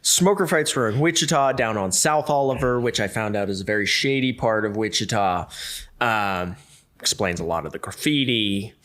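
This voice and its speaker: A man telling a story as a podcast guest, lively and acting out the other people in it. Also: lowish voice, moderate pace. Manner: lively, acts out the other people in his stories. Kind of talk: casual storytelling.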